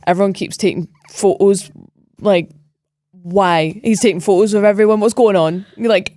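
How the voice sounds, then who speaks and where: A woman's voice: mid-range voice, steady tone, normal speed, dark tone, dry recording. Bantering woman, dry sound. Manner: banter-filled, swears freely. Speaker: podcast co-host. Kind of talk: casual film chat.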